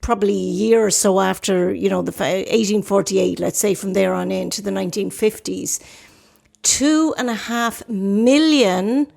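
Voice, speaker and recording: This is an Irish woman in her fifties hosting a casual podcast chat. Her voice has a gravelly, fry-tinged edge. She rambles warmly through her thoughts, full of fillers and restarts. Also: mid-range voice, normal speed. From Ireland. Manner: chatty, rambling, many fillers. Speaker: podcast host. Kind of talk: casual conversation.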